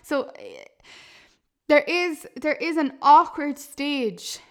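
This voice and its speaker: A woman's voice: high voice, lively intonation, slow pace, a bit bright. A woman, chatting earnestly on her podcast, laughing often and calling her listeners "lads". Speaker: podcast host and YouTuber. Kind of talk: casual podcast chat.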